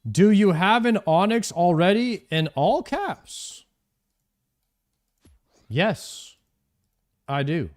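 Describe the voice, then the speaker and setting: A man's voice: sits high, very animated, drawn-out words, long pauses. A man streaming a video game live, chatting casually and thanking viewers by name.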